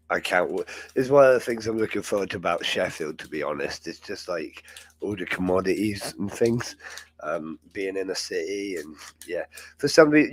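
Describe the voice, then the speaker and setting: A man hosting a live chat show, talking in a rambling, chatty way and laughing often. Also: lowish voice. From England. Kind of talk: casual live-stream chat.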